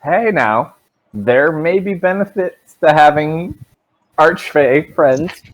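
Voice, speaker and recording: A man's voice: a little high, expressive, takes it slowly, rough recording. A young man running a tabletop game as dungeon master, joking with his players.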